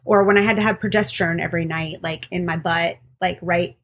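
A woman's voice: lowish voice, fairly even intonation, brisk. A woman midwife and podcast co-host candidly telling a personal story in casual conversation. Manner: candid, storytelling with quoted voices.

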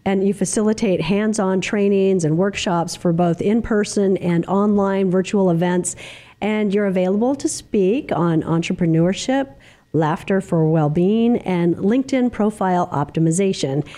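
Effusive woman host, mellow voice. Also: mid-range voice, normal speed. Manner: warmly encouraging, effusive. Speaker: interview host. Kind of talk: conversational interview.

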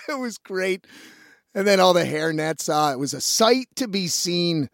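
A man's voice: high voice, lively intonation, unhurried, gravelly, no echo, studio quality. A male musician telling a rambling story in a casual monologue, swearing often and laughing as he goes.

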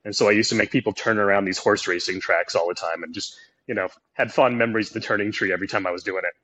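A man's voice: lowish voice, steady tone, fast, pushed and bright, husky, rough recording. A man who is a helicopter pilot, guest on a podcast, speaking in an easygoing, agreeable way over a remote call. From Oregon, USA. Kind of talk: casual interview conversation.

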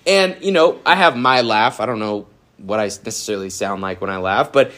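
A young adult man giving a youth sermon in a casual, animated way, with many fillers. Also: on the low side, brisk. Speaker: youth pastor.

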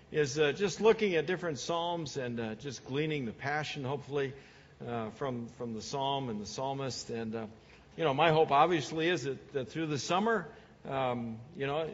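Man preaching in a reverberant hall. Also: mid-range voice. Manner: conversational, many fillers and repeated words. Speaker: pastor. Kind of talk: sermon. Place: church sanctuary. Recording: long hall reverb, dull sound.

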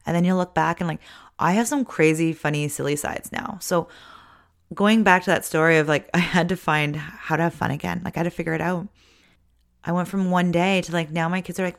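Woman, 30s, lowish voice, chatty upbeat vlog delivery, casual filler-heavy talk. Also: moderate pace, creaky. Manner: chatty and upbeat, lots of "like" and "you know". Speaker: vlogger.

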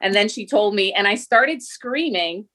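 A woman in her forties, a mother and podcast co-host, telling a story in casual chat with excitement. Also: mid-range voice, measured pace.

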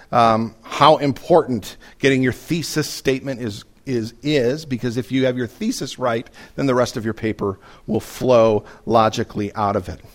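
A man preaching a sermon as pastor, explaining a passage in an earnest teaching manner, with frequent ums and restarts. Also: medium pitch.

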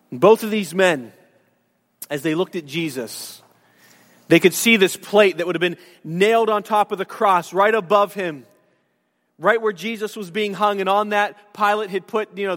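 A man with a high-set voice preaches to his church, earnest and conversational, often restarting his phrases. The sound carries a long reverb from the sanctuary around him. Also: fairly bright tone. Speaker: pastor. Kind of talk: sermon.

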